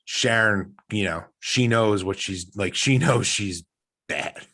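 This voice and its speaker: Deep-voiced male podcast co-host, earnest casual chatter. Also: takes it slowly, bright, forceful tone. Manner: earnest, emotional, rambling with restarts. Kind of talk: casual chat.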